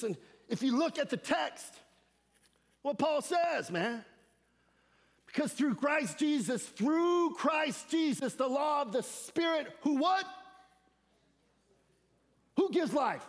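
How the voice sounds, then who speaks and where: A man preaching an animated sermon as a guest speaker, with slangy asides and shouted emphasis. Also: extremely high pitch, takes it slowly, pauses often, big-room sound. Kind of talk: energetic sermon. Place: church sanctuary.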